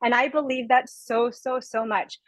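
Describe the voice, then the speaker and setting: A woman's voice: a little high, steady tone, moderate pace, slight background noise, poor audio. A woman in her forties from Rhode Island, emotional and near tears, giving an earnest, gushing testimonial as a guest speaker on a webinar video call.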